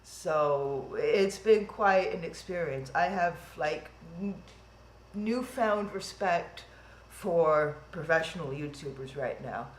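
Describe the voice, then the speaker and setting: A woman's voice: low-pitched, slow, slight background noise. A woman hosting a live-streamed event from home, chatting casually in a rambling, self-deprecating way. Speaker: livestream event host. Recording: roomy echo.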